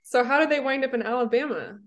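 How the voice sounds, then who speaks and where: A woman's voice: high voice, fast. A woman hosting a podcast, asking questions in an enthusiastic, gushing casual chat. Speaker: podcast host.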